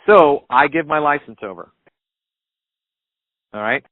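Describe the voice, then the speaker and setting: Man, caller, fairly high voice, earnest storyteller, dry tinny phone line. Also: unhurried, dry recording. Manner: animated, retells dialogue, earnest. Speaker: caller telling his story. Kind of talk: conversational storytelling.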